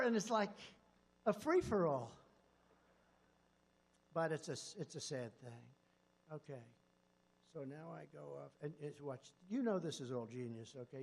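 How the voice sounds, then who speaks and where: A man's voice: high voice, a bit bright. A man giving a rambling, sarcastic keynote speech from a conference stage, drifting from one aside to the next. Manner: sarcastic, digressive. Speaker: keynote speaker.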